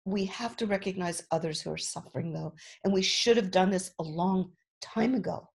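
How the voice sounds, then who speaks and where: A middle-aged woman, a restaurant owner guesting on a podcast, talking earnestly and emotionally in quick bursts. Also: on the low side, creaky. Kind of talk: podcast interview.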